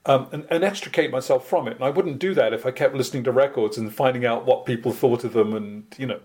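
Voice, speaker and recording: A man's voice: mid-range voice, fast, darkish tone. A man from Britain, a guest musician in a casual interview, telling anecdotes in a wry, self-deprecating way.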